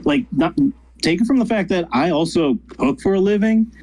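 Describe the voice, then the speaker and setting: A man who works as a cook, chatting as a guest on a live stream in a laid-back, halting way. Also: high-pitched, sing-song, a little mellow, low-quality recording. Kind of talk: casual chat on a live stream.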